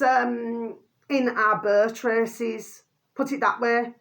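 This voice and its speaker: A woman's voice: a little high, fairly even intonation, drawn-out words, fairly bright tone. A woman vlogging an angry rant to her viewers, swearing mildly and calling them by a pet phrase again and again. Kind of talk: ranting monologue to camera.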